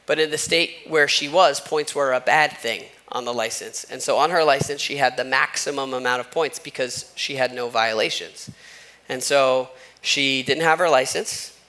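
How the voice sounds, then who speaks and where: A man's voice: mid-range voice, moderate pace, sharp tone. A man preaching a sermon as a church pastor, talking conversationally and telling stories with asides. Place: church sanctuary. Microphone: wireless microphone.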